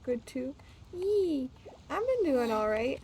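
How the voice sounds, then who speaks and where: A woman streamer chatting casually while gaming, excitable and gushing, swearing freely. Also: sits high, takes it slowly. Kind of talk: casual gameplay chat.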